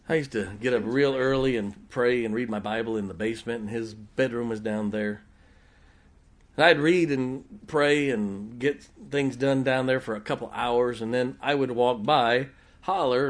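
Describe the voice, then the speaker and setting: A middle-aged man preaching a sermon in a folksy, humorous way, swinging from loud emphasis to quiet, intimate asides. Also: mid-range voice. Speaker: pastor.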